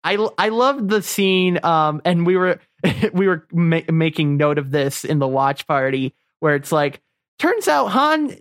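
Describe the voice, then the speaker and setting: A man co-hosting a podcast in casual chat, enthusiastic and halting, with frequent fillers. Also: a little high, expressive, dry recording, studio quality. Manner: enthusiastic, hesitant with many fillers. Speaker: podcast co-host.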